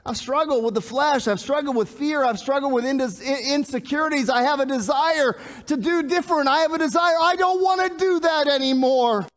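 A man's voice: very high voice, a little fast, few pauses, a bit bright, in a large hall, pitched above the performer's own voice. A man voicing an impulsive, anxious male disciple who pleads and cries out in a sermon. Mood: anguished. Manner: pleading, then panicking and crying out.

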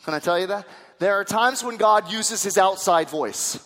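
High-voiced man preaching in a hall. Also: normal speed. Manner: dynamic preaching, swings from hushed to shouting. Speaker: pastor. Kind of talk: sermon. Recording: long reverb of a hall.

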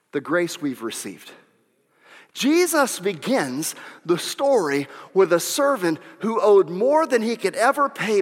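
High, bright-voiced preaching man. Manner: animated preaching with shouted peaks and whoops. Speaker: pastor. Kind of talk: sermon. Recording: long reverb of a large hall.

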